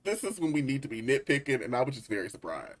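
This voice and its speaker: Lively-voiced panelist with quick opinions. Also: medium pitch, slight background noise. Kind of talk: casual pop-culture chat.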